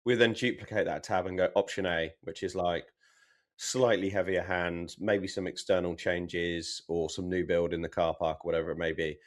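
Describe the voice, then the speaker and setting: A man's voice: deep voice, fairly even intonation, moderate pace. A man co-hosting a casual business podcast, explaining his approach in long, reflective run-on lists. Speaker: podcast co-host, property developer.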